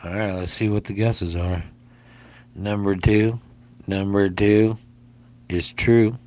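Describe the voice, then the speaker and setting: A man's voice: on the low side, measured pace, pauses often, a little mellow. A man hosting a casual livestream game, rambling and jokey and often repeating himself. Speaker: livestream host.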